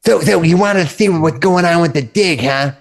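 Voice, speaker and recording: A man's voice: on the high side, normal speed, gravelly, pitched above the performer's own voice. A man voicing a chatty male kobold camp worker who talks in broken grammar. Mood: gossipy.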